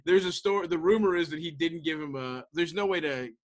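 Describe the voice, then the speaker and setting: A man hosting a casual podcast who laughs often and chimes in quickly. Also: a little high, crowd noise. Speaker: podcast host.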